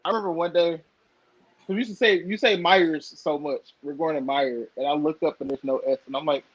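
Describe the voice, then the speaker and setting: A young man from Michigan co-hosting a casual podcast, a lively storyteller who teases playfully. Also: a little high, fairly quick, no echo. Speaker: podcast co-host. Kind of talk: casual chat. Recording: dull lo-fi podcast audio.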